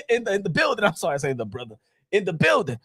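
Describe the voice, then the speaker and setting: A man hosting a boxing livestream, excitable and repetitive, dropping in Spanish phrases. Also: sits high, fast talker, husky, dry recording, studio quality. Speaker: boxing show host.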